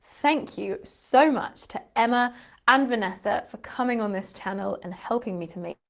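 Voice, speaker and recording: A woman's voice: on the high side, moderate pace, creaky, fairly bright tone. A British woman, an English teacher and channel host, explaining word differences playfully with frequent laughs and teasing asides. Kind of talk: explaining vocabulary to camera.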